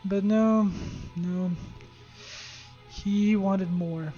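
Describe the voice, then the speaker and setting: A gaming video creator casually recapping a game story, animated and profane, throwing in spoken sound effects. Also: medium pitch, unhurried, muffled recording, faint music behind.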